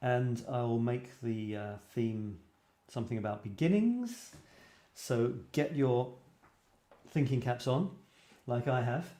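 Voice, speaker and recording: A man's voice: medium pitch, slow pace, mellow. A British man hosting a casual photography show, rambling with self-deprecating asides. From Britain. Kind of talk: casual livestream chat. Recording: echoey room.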